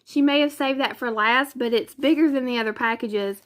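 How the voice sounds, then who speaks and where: A woman's voice: on the high side, normal speed, fairly bright tone. A woman, chatting casually in a craft vlog, gushing and exclaiming often. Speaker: craft vlogger. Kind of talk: casual chat.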